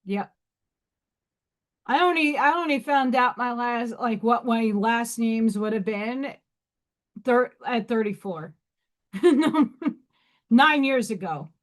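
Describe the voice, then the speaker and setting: A woman's voice: a little high, takes it slowly, long pauses. A woman in her thirties hosting a casual livestream, chatting bluntly and reading rune meanings aloud. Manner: blunt, swearing, laughing asides. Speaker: livestream host.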